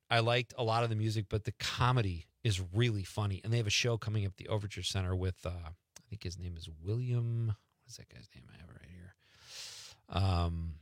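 A man's voice: fairly low pitch, dry recording, clean studio sound. A middle-aged man hosting a radio show in easygoing, rambling casual talk. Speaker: radio host.

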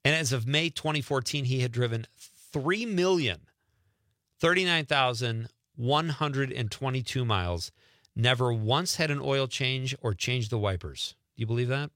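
Lively, joking male radio host. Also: mid-range voice, moderate pace, dry recording, studio quality. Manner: jokey, animated, laughs often. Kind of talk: casual radio banter. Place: radio studio.

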